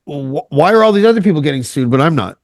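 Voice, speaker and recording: A man's voice: fairly high pitch, lively intonation, fast talker, dry recording. Joking Canadian man guest, dry sound. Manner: joking, self-deprecating, rambling with restarts. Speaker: podcast guest. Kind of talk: casual chat.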